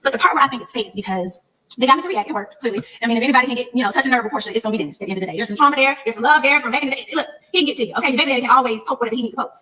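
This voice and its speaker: A woman's voice: fairly high pitch, racing, recorded from a distance, poor audio. A woman on a podcast, candidly telling a story and acting out the voices of the people she quotes. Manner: animated, mimics voices in retold conversations. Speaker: reality TV cast member on a podcast.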